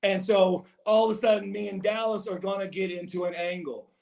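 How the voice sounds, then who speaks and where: Brief: male podcast guest, rambling storyteller, high voice, roomy echo. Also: fairly even intonation, a little fast, vocal fry, a little mellow. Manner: meandering, repeats words, says "bro". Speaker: podcast guest, former pro wrestler.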